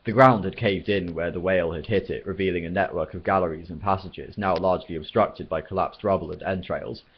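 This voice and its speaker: A man with a low, husky voice reads a novel aloud at a steady, measured pace. The recording is muffled and lo-fi, like a home setup. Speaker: storyteller.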